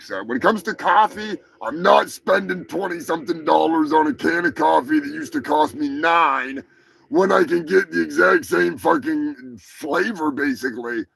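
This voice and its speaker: A man hosting a live show, ranting in a rambling, crude, jokey way and bursting into shouts. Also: on the high side, gravelly. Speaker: show host. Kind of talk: profane casual live-stream rant.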